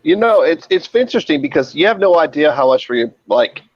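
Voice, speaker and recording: A lively, swinging man's voice tells wild hospital stories in a loose group chat, swearing and acting out patients. The sound is dry and close, a little dull in the highs. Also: fairly quick, dry recording. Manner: animated, swearing, acts out voices in his stories. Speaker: hospital emergency room worker. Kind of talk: casual group chat, storytelling.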